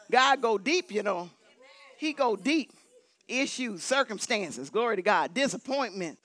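Bright-voiced exuberant woman preacher. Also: a little high, expressive, normal speed. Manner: emphatic, repetitive exhortations. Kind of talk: lively sermon with holy laughter. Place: church sanctuary.

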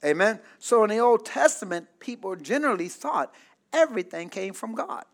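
A male pastor preaching a sermon, calling out to the congregation for responses and building up to shouted peaks. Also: high voice, lively intonation, normal speed.

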